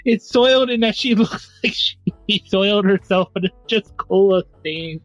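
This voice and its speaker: A man's voice: high-pitched, unhurried, no echo, muffled recording, soft background music. A man playing a tabletop role-playing game, eagerly explaining his character's moves. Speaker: player.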